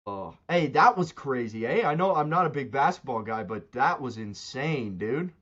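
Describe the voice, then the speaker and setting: A man's voice: lively intonation, normal speed, breathy edge. Ranting guy, lo-fi mic. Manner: loud, mocking rants with big pitch jumps. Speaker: podcast co-host. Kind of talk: casual sports chat. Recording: dull lo-fi sound.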